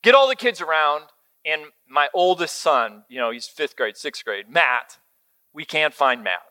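A man's voice: on the high side, animated, unhurried, sharp tone. A middle-aged male pastor giving a conversational sermon, chatty, with frequent fillers and direct questions to the audience.

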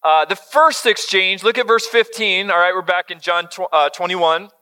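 A man preaching a sermon, earnest, swinging from emphatic lines to soft, hushed ones. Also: high-pitched, moderate pace, clear, resonant tone. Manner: earnest, shifts between loud emphasis and soft near-whisper. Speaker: pastor.

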